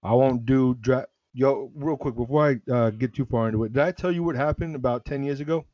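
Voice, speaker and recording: A man hosting a casual sneaker chat, relaxed and rambling, often restarting his sentences. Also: mid-range voice, brisk, no room sound, dull audio. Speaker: sneaker podcast host.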